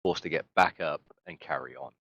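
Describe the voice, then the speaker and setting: A man narrating as game master of a tabletop game, halting and hesitant as he describes scenes. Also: very deep voice, a bit bright, husky, no echo, dull audio.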